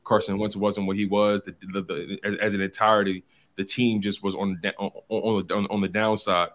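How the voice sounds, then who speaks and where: A man co-hosting a sports talk show, animated and repeating words as he builds his points. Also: on the low side, brisk. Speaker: fill-in sports radio co-host.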